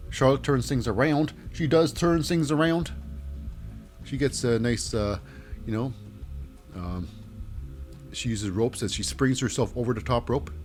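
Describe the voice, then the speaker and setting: A man's voice: medium pitch, a little slow, long pauses, darkish tone, faint music behind. A man casually recapping a wrestling show, jokey and rambling with lots of fillers.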